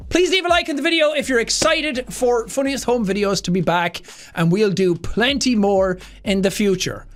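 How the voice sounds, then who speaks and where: A man with an Irish accent, talking in a loud, hyped, joking way as he opens a YouTube video. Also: high-pitched, moderate pace, faint music behind. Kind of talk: energetic video intro.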